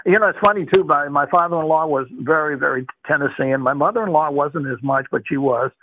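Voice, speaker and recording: This is a retired older man from Boston, speaking a little fast in a fairly high voice. He rambles warmly through his life story in an oral history interview, full of fillers and restarts. The sound is tinny and dry, like a phone line, with some background noise.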